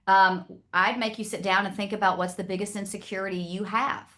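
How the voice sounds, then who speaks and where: A woman's voice: mid-range voice, steady tone, a little fast, pushed and bright. A woman from the American South with a Southern accent, presenting to an audience in a chatty, direct way. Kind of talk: casual talk to an audience.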